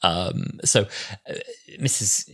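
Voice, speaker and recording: A young man in his twenties shares opinions on a relaxed podcast. His voice sits fairly low, and his tone is wry and opinionated, with playful impressions slipped in. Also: takes it slowly, vocal fry. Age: 20s. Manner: opinionated, wry, mimics lines from shows. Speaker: podcast co-host. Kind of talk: casual podcast chat.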